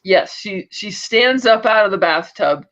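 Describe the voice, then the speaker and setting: A woman co-hosting a podcast, retelling a TV episode in an animated, storytelling way. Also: mid-range voice, measured pace, muffled recording. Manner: animated storytelling, acts out lines with laughs. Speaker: podcast co-host. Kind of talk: casual chat recapping a TV episode.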